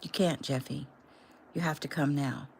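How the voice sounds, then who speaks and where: Firm steady rescuer, low voice, read by a woman, calm. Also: normal speed, creaky, husky, heavily acted.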